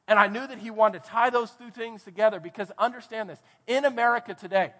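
A man, a pastor from Texas, preaching a sermon with dynamic swings between soft and loud delivery. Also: high voice, fast talker. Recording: long hall reverb.

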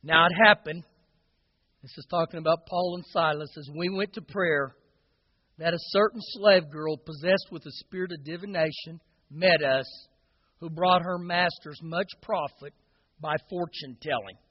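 A man's voice: on the high side, a little slow, husky, no room sound, long reverb tail, highs cut off. A man preaching a sermon as pastor, talking to the congregation in a conversational way and often checking in with "okay?" and "guys".

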